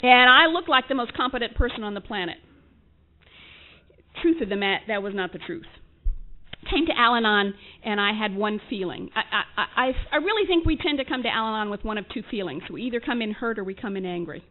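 A woman's voice: a little high, animated, fairly quick. Woman telling her story on tinny lo-fi audio. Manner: candid storytelling that acts out remembered dialogue, with wry humor. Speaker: speaker sharing at a recovery group meeting. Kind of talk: personal testimony talk. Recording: tinny phone-like lo-fi recording with faint hiss.

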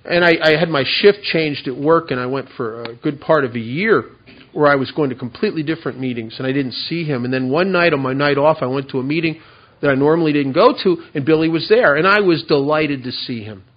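A man with a fairly high voice tells a confessional recovery story to a meeting. He is candid and self-mocking. The recording is dull and lo-fi. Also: fairly quick. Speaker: recovery speaker.

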